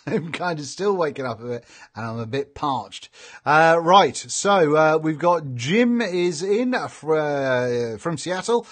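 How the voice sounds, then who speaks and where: A man's voice: mid-range voice, a bit bright. A middle-aged man with a chatty, jokey manner, hosting a casual live stream and reading out viewer comments. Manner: chatty and jokey, laughs often.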